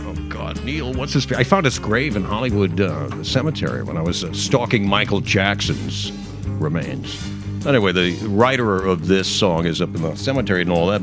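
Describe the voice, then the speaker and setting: A man hosting a casual talk show, telling digressive stories with frequent restarts and chuckles. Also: sits low. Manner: chatty, digressive storyteller with frequent restarts and laughs. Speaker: radio or podcast host.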